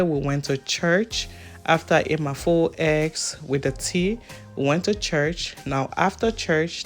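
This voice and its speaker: African-accented woman vlogger, chatty and laughing, with faint music under her. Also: deep voice. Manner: chatty, laughs often, talks straight to the viewer. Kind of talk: casual vlog chat.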